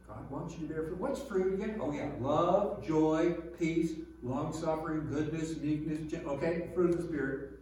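A man preaching a sermon to a room, going from quiet musing to loud emphasis. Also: a little high, steady tone, normal speed, a little hiss or hum. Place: large room with an audience. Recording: echoey hall, mic far off.

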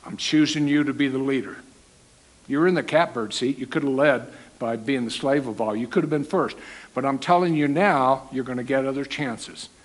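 A man preaching a sermon, animated and acting out the quoted lines. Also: mid-range voice, normal speed, rough recording.

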